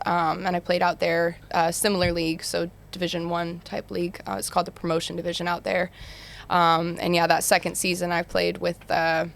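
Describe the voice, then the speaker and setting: Chatty American woman, lower-pitched. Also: vocal fry, fairly bright tone. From Utah, USA. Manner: chatty storyteller, laughs easily. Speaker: guest basketball player. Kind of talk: casual podcast chat.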